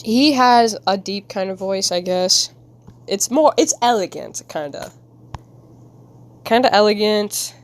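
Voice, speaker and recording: A woman streams herself drawing and chats casually with her viewers, giggling and rambling in a silly way. Her medium-pitched voice is slow with frequent pauses, and there's a little hiss or hum.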